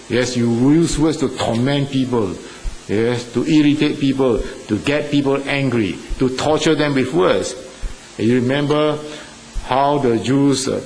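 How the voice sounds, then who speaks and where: A male preacher speaking at a mid pitch, earnest and halting, dotting his sentences with fillers and lifting his voice for emphasis. A faint hiss of background noise sits under the recording. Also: darkish tone, low-quality recording. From Singapore or Malaysia. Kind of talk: sermon.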